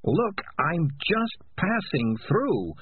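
A man's voice: fairly high pitch, sing-song, husky, voice pushed up, exaggerated voice. A man doing a cocky, sardonic tomcat. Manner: wry, quick and cocky. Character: sardonic, self-serving talking tomcat. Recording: tinny lo-fi audiobook recording.

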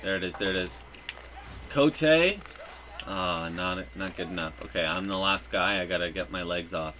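A man giving live commentary over his own hockey video game, joking and breaking into loud cheers at big plays. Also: low voice, normal speed, slight background noise. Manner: excitable, jokey, bursts into loud cheers. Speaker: gaming YouTuber.

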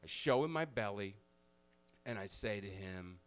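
A male comedian tells a personal story live on stage in a mid-range voice. He is animated and profane. He shifts from loud, punchy bursts to hushed, confessional stretches. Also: lowish voice, measured pace, clear, resonant tone.

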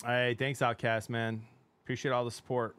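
A middle-aged man streaming games, chatting casually with his viewers. He talks in a chatty, excitable way, laughs often and trails off mid-sentence. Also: mid-range voice, moderate pace, clean tone. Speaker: game streamer. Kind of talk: casual live-stream chat.

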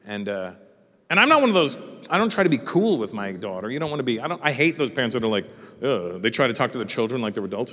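A man doing a stand-up routine, telling a story with swearing and acting out other people in squeaky voices. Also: very animated, quick pace, fairly bright tone. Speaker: stand-up comedian. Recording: live theatre with long reverb.

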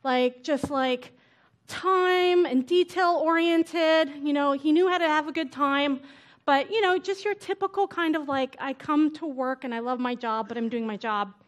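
High-voiced casual woman speaker. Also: a little slow. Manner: casual, chatty, lots of "like" and "right?". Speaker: conference speaker. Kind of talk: conference talk. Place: conference stage before an audience.

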